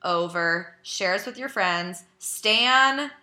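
A woman's voice: mid-range voice, slow pace, pushed and bright. A young woman in her twenties co-hosting a podcast in casual chat, jokey and giggly. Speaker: podcast co-host. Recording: echoey room.

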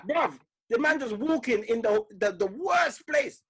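Husky man telling stories. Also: very high voice, lively intonation, a little slow. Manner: storytelling, slangy, laughs along. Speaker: podcast co-host. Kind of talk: casual storytelling chat.

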